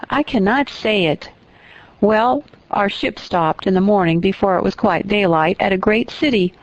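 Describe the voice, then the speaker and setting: A woman voicing an excitable little French girl who chatters quickly, with a French accent. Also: medium pitch, no room sound, dull audio.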